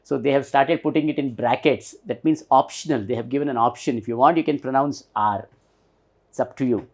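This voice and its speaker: A man's voice: mid-range voice, a little fast. A man with an Indian English accent teaching pronunciation, patiently spelling words letter by letter and repeating them for emphasis. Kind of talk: recorded pronunciation lesson.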